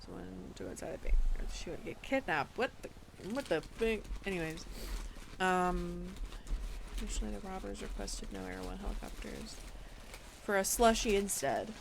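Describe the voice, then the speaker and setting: A woman streaming live, reading case papers aloud in a casual voice with a gravelly, fried edge. She keeps breaking off to question the text in disbelief. A faint noise sits under her voice. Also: mid-range voice, lively intonation, normal speed. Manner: incredulous, breaks into laughter and asides while reading.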